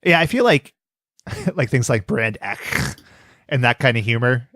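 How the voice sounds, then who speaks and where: A man's voice: medium pitch, lively intonation, a little slow, a bit bright, no room sound. Wry joking man on a dry mic. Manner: wry, jokey, fond of puns. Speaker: podcast co-host. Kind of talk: casual chat.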